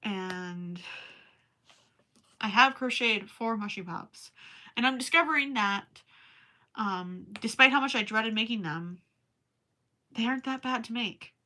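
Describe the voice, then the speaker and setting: A woman's voice: a little high, unhurried, pauses often, pushed and bright. Tired young woman with a Minnesotan accent. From Minnesota, USA. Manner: rambling, chatty, talks to viewers while working. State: tired, late at night. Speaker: crochet livestreamer. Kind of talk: casual chat while crafting.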